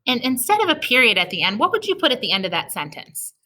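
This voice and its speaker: A woman teaching an early-reading lesson to young children in a recorded video, sounding out each letter slowly and patiently and praising them. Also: fairly high pitch, very animated, sharp tone.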